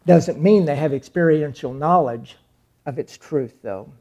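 A man preaching a sermon in a mellow, dark-toned voice that sits a little high. He is middle-aged and dramatic, dropping to near whispers and then rising to loud cries as he retells scenes. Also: a little slow, highs cut off. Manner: dramatic, acts out quoted figures with sudden loud cries and hushed lines.

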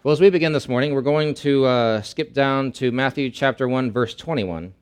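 Man preaching a dynamic sermon. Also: smooth. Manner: swings between loud emphatic repetition and low slow hushed lines. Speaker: pastor.

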